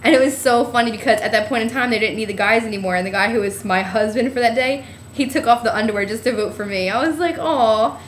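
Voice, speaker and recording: A woman's voice: on the high side, quick pace, hardly any pauses, reverberant, a little hiss or hum. A young woman from New Jersey telling a trip story in a giggly, rambling way, full of "like". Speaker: vlogger. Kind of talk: casual storytelling.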